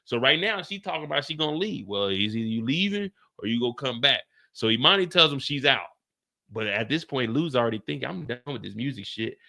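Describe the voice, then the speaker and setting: A man's voice: mid-range voice, brisk. A man, giving a casual, slangy livestream recap of a TV episode. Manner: animated, slangy, acts out characters. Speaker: TV recap host. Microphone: streaming mic.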